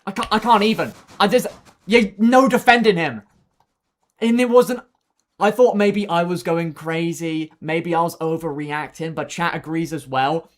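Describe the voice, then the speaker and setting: A man with a fairly high voice streams a game live, rambling and exasperated as he walks his teammates through their routes. He sounds worn out, his talk full of restarts as he explains things again. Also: measured pace. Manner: rambling, exasperated, giving step-by-step directions. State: tired. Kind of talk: live gameplay commentary.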